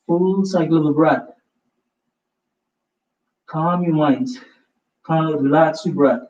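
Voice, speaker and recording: Calm male yoga teacher in a roomy space. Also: a little high. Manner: calm, slow step-by-step cues with breath prompts. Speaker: yoga instructor. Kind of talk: live yoga class instruction. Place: room of a live yoga class. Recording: roomy, distant, slightly dull sound.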